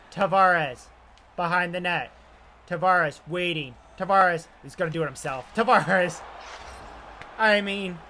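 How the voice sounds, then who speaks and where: A young man doing casual play-by-play commentary while playing a hockey video game, swinging from calm asides to loud excited calls on scoring chances. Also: high voice, a little hiss or hum.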